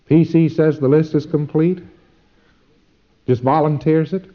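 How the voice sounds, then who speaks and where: A man's voice: on the high side, fairly even intonation, unhurried, pauses often. Man lecturing casually, folksy and emphatic, lots of uh's and asides, muffled lo-fi tape. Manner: folksy, emphatic, digressive with frequent asides and fillers. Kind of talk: informal instructional lecture. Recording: dull lo-fi recording.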